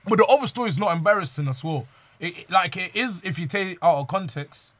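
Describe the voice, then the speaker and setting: A man's voice: sits high, lively intonation, fast, fairly bright tone, no room sound. A young man, animatedly telling a street story to friends and acting out the quotes. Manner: slangy, acts out quoted lines.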